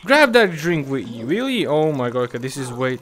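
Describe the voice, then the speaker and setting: In casual commentary on a bar-serving game, this YouTuber shouts out reactions, curses and puts on fake politeness for the customers. He speaks briskly in a medium-pitched voice with lively intonation, with slight background noise.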